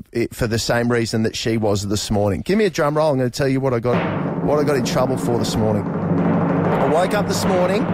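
A middle-aged Australian man chats on air as a radio host, rambling and restarting his sentences with plenty of fillers. His voice sits at an ordinary pitch, and the studio sound is dry and close. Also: darkish tone, dry recording. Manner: rambling and chatty, with many fillers and restarts, often laughing. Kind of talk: casual radio chat. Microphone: studio microphone.

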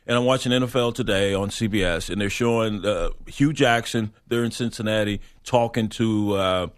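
A man's voice: fairly low pitch, normal speed, clear, resonant tone. A man co-hosting a casual sports talk show, rambling through player picks with many stops and restarts.

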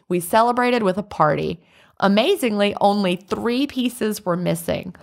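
A woman co-hosting a casual podcast, chatty and quick to laugh as she reads listener letters aloud. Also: mid-range voice, creaky. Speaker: podcast co-host.

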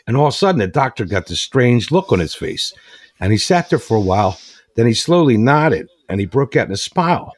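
A man's voice: mid-range voice, very animated, fairly quick, dry recording. A man hosting a talk show, telling a long sentimental story in an earnest, rambling way. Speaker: radio show host.

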